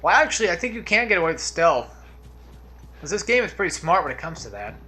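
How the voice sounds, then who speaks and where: A man's voice: fairly high pitch, big pitch swings, fast talker, bright, forceful tone. A man giving casual, rambling commentary over a video game playthrough, drifting off on tangents and trailing off into mumbles. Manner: laid-back, trails off into mumbles. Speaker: let's play commentator.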